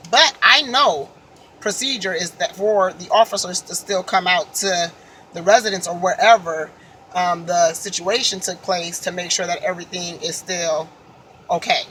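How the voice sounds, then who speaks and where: A woman's voice: on the low side, bright, forceful tone, a little hiss or hum, rough recording. A woman from Illinois earnestly recounting a personal experience in casual storytelling, her voice rising as she reenacts the dialogue. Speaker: vlogger telling a personal story.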